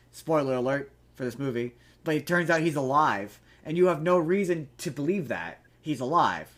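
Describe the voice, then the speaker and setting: A man hosting a podcast, chatting casually about a movie in a rambling, animated way with lots of restarts and swearing. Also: on the high side. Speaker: podcast host. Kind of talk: casual movie review chat.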